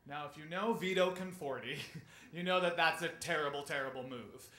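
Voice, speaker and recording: A man's voice: a little high, normal speed, fairly bright tone. A man telling a personal story on stage in a conversational way, with filler words and laughs, acting out the people in it.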